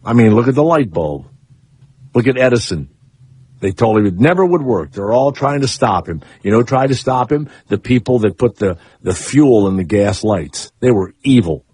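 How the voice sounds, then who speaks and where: A man hosts a radio talk show from a studio, rambling sarcastically through comic stories and taking calls, his voice swinging up high for emphasis. His delivery is expressive and at normal speed, with a darkish, slightly rough tone. The studio microphone captures him with no echo.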